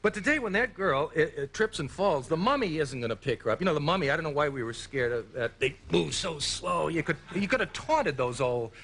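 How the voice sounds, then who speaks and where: A man, a comic actor and talk show guest, telling rambling deadpan jokes with quick asides. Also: a little high. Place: television studio before a live audience. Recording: studio audience noise behind.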